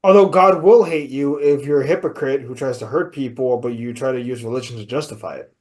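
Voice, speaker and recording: A man's voice: mid-range voice, brisk, darkish tone. A man co-hosting a casual podcast, telling anecdotes and dropping dry wisecracks. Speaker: podcast co-host.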